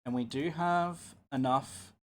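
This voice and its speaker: A man casually narrating a shared video game session, unhurried and full of ums and uhs. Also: on the high side.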